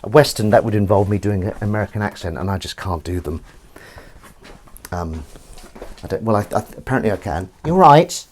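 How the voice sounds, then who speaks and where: A man's voice: low-pitched, steady tone, brisk, long pauses, a little mellow, low-quality recording. A man hosting a livestream, chatting in rambling, self-mocking banter full of ums and asides while washing up in his kitchen. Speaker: livestream host. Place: home kitchen at the sink.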